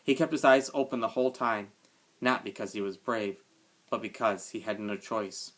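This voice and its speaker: A male teacher reading a children's novel aloud to his class with expressive storytelling. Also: lowish voice, normal speed. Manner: expressive storytelling, casual aside at end.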